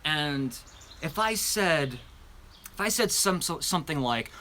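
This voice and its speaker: A man's voice: fairly high pitch, lively intonation, measured pace, sharp tone, a little hiss or hum. A man hosting a live show-and-tell about candles, talking in a chatty, rambling way with many fillers, eagerly describing scents. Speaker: candle review channel host.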